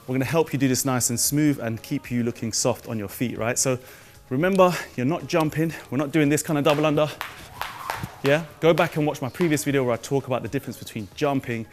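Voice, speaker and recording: Upbeat jump rope coach. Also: male voice, medium pitch, a little mellow, slight background noise. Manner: upbeat, hyped, addresses viewers as guys. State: a little out of breath. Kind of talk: energetic fitness tutorial.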